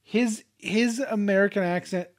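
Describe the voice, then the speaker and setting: A man's voice: high voice, a little slow. A man co-hosting a casual podcast chat, joking and teasing his co-host. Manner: joking, teasing, puts on silly voices.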